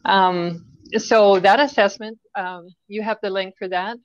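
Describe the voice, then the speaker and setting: Her pitch is medium and her delivery a little slow, with no room sound and rather dull audio. This business coach, a guest in a relaxed interview, lays out her work in a practical, straightforward way and keeps asking "right?"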